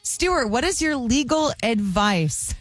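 A woman's voice: on the high side, big pitch swings, slow, faint music behind. A woman co-hosting a morning radio show, chatty and encouraging. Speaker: radio co-host.

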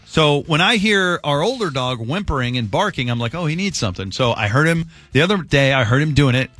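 A man hosting a radio talk show, telling a lively story and raising his voice for the quoted lines. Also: a little fast, dry recording. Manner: animated storyteller, shouts quoted lines in a high voice.

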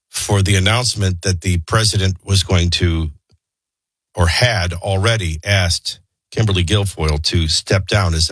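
A man's voice: low voice, a bit bright, dry recording, clean studio sound. A middle-aged man hosting a morning talk radio show, delivering opinionated news commentary in a conversational way with many fillers. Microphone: studio microphone.

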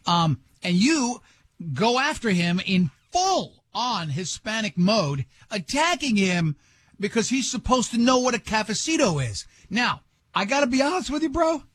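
A male radio host chatting casually, teasing his guest and tripping over his own sentences. His voice sits high and a bit husky. The studio sound is dry and close. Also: sing-song, a little slow, a bit bright, no echo. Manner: rambling, self-interrupting, teasing.

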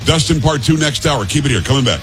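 A man's voice: medium pitch, lively intonation, fast, soft background music. A man hosting political talk radio, rambling and restarting his phrases.

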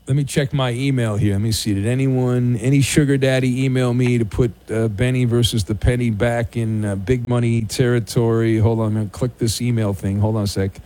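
A man's voice: medium pitch, fairly even intonation, a little fast, hardly any pauses, mellow. A man hosting a sports call-in radio show, bantering sarcastically with callers and stumbling over restarts. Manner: sarcastic, teasing, stammering restarts. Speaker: sports talk radio host.

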